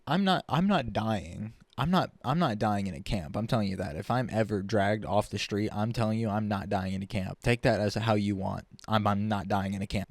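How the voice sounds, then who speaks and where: A man's voice: on the low side, dry recording. A man ranting heatedly in a dry room. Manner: heated, profane, repetitive. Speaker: vlogger. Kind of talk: angry political rant to camera.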